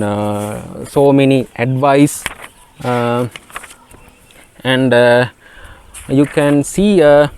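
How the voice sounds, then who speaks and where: A Sri Lankan man who grew up speaking Sinhala leads a beginner lesson in spoken English. His mid-range voice is a little mellow and clean in tone, and he speaks haltingly with frequent fillers and repeated words.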